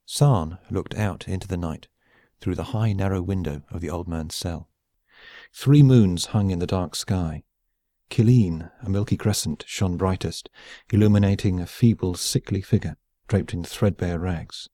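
A male audiobook narrator with a very low, dark voice. He reads steadily and evenly, close to the mic in a dead-dry room. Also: measured pace, no room sound. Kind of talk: scripted narration.

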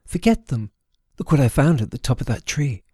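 A woman's voice: extremely low pitch, lively intonation, moderate pace, warm tone, slightly rough, no room sound, studio quality, pitched above the performer's own voice, full character voice. A man voicing a carefree teenage girl witch who giggles and teases. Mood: teasing. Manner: giggling, breezy and teasing.

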